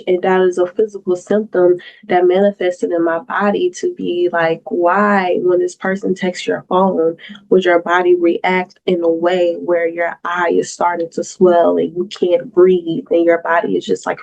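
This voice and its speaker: A woman's voice: fairly low pitch, vocal fry, darkish tone, dull audio. A woman hosting her own solo podcast, talking in an earnest, reflective way and repeating phrases for emphasis. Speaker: astrologer podcast host. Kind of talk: personal solo podcast monologue. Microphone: talking into a mic on camera.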